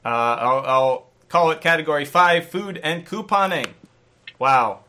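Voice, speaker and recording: A man hosting a casual podcast, briskly reading a listener's note aloud in a playful way. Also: a little high, pushed and bright, slight background noise. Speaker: podcast host.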